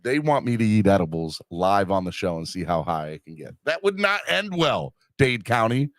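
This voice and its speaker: His voice is on the low side with big pitch swings and a moderate pace, recorded dry at studio quality. The middle-aged podcast host reads live comments aloud, rambling casually, self-deprecating, and full of fillers and false starts.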